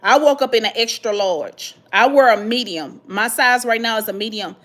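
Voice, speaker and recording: A woman. She reads their comments aloud and answers each one in casual chat. Her retellings get dramatic, animated and full of slang. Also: on the high side, moderate pace. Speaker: vlog host answering viewer questions.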